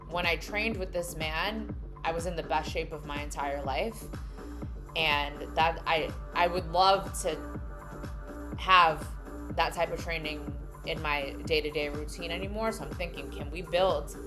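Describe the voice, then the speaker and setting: Slow-talking woman chatting on stream. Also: deep voice. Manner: rambling, laughs often, talks to chat. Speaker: live-streamer. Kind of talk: casual live-stream chat. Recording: music playing behind the voice.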